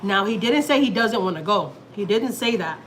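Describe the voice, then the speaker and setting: A woman's voice: medium pitch, expressive, normal speed, slight background noise, rough recording. Chatty woman vlogger from Texas. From Houston, Texas. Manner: rambling and emotional, many restarts and "like"s. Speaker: family vlogger. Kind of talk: casual personal chat.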